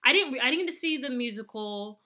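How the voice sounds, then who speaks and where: A woman's voice: high-pitched, expressive, fast, bright, forceful tone. A woman co-hosting an interview, chatty and affirming, with lots of fillers. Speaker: interview host. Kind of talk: casual interview chat.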